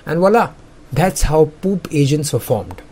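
A man's voice: fairly high pitch, big pitch swings, measured pace, a little mellow, slightly rough. Joking man mocking the news. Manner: sarcastic, joking, laughs often. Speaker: host. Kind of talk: comedic news commentary.

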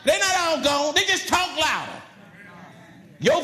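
A man preaching a sermon, swinging from loud calls to low asides. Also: huge pitch swings, measured pace, roomy sound, some chatter behind. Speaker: pastor.

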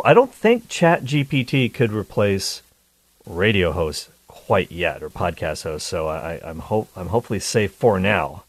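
A man's voice: deep voice, no echo. A man hosting a radio talk show, chatting casually and interrupting himself with playful asides. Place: radio studio. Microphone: studio mic.

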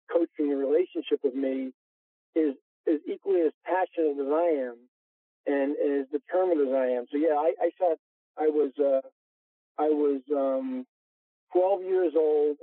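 A golf instructor from New York with a New York accent, telling stories with animated energy as a guest on a radio interview. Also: male voice, a little high, breathy edge, no room sound. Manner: animated storyteller, laughs while telling. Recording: dry narrow phone-line sound.

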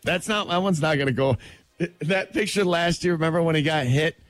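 A man's voice: fairly high pitch, fairly quick, no room sound, faint music behind. A man co-hosting a morning radio show, bantering and laughing about sports with his co-host in the studio. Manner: animated, laughing, playful banter. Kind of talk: casual sports chat. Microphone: studio mic.

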